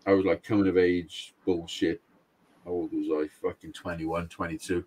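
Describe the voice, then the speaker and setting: A man's voice: low-pitched, flat delivery, normal speed, a little mellow, husky. A middle-aged man, co-hosting a podcast and telling a blunt, sweary story with frequent laughs. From Wales. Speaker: podcast co-host. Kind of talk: casual storytelling chat.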